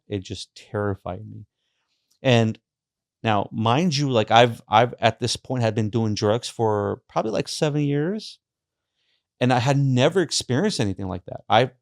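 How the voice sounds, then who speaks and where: A young man gives his personal faith testimony as a podcast guest. His voice sits at an ordinary middle pitch and is recorded dry and close, with no room sound. He speaks haltingly, repeating words and leaning on fillers as he goes. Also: creaky, dry recording.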